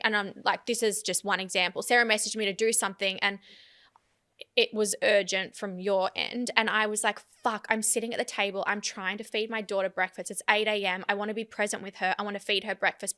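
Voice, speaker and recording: A woman's voice: mid-range voice, sharp tone. A young woman, chatting candidly on a podcast, rambling and swearing freely. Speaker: podcast host. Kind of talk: casual chat.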